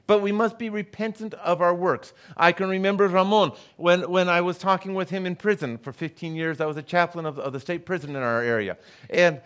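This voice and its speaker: A man's voice: high voice, a little fast, few pauses, fairly bright tone, smooth. A middle-aged man preaching a sermon as a guest pastor, telling stories and acting out the people he quotes. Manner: storytelling, acts out the voices of people he quotes.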